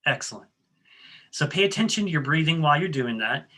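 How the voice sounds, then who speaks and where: Bright-voiced man coaching a breathing exercise. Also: a little high, animated, a little fast. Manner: coaching, leads the audience step by step; friendly, with frequent ums and restarts. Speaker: workshop presenter. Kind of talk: guided breathing exercise and talk.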